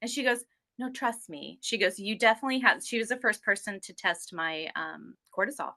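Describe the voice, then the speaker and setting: With a brisk, medium-pitched voice, a woman in her forties gives a rambling, animated account of her health in a casual interview, acting out the things others told her.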